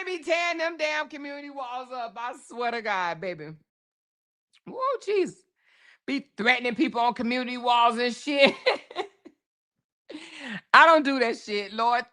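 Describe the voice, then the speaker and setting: Loud, laughing woman livestream host. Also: sits high, moderate pace. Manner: laughing often, loud and profane, calls viewers baby. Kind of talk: casual livestream chat reading comments.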